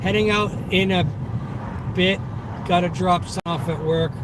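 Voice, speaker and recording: A man's voice: high voice, steady tone, a little slow. A man with a Boston accent, a delivery driver chatting live with viewers from inside his car. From Massachusetts. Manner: chatty, talks to viewers in chat, upbeat and boastful. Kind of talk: casual live-stream chat while driving. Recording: noisy car interior. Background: car and road noise.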